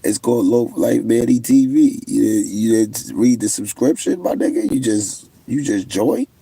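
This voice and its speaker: Gravelly brash New man streaming. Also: medium pitch, normal speed, dark tone, no echo. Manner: brash, boastful trash talk. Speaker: livestream host. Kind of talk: casual livestream chat, answering viewers.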